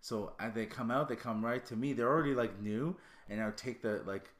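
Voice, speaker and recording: A middle-aged man co-hosting a podcast, telling crude joking stories in casual chat, his voice jumping high when he gets excited. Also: a little fast. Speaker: podcast co-host.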